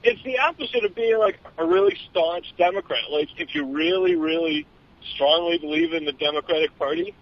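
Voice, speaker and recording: Man, slightly high voice, dry jokes, halting speech with uhs, dull lo-fi sound. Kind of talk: casual political banter. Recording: dull lo-fi recording.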